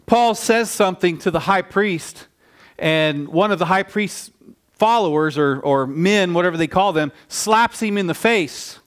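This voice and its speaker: Preaching with a lively, chatty storyteller's energy, this man keeps restarting his lines mid-thought. He's a pastor with a fairly high-pitched voice.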